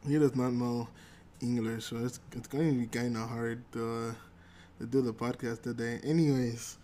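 A man hosting a casual podcast, laid-back and quick to swear when annoyed. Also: mid-range voice, steady tone, darkish tone, slight background noise. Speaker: podcast host.

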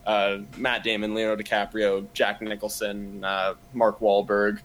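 A man co-hosting a casual movie podcast, talking in a relaxed way, laughing easily and hesitating with uhs. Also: fairly low pitch, normal speed, a little hiss or hum. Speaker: podcast co-host.

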